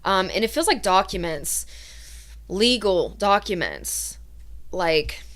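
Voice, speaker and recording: A woman tarot reader giving a reading in a soft, earnest, emotional way, voicing the feelings she channels. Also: medium pitch, lively intonation, slow pace.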